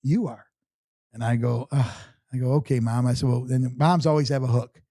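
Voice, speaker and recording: A middle-aged man recounts his life story in an unhurried interview, stumbling through restarts and fillers as he goes. His voice is mellow and warm, and the recording is close and dry, with no room sound. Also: medium pitch, no echo. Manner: halting, many restarts and fillers. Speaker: interview guest. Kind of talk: casual personal storytelling.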